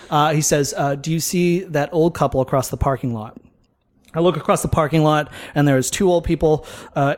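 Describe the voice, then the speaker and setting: Profane, animated storytelling man. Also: on the high side. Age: older than mid-twenties. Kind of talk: casual chat.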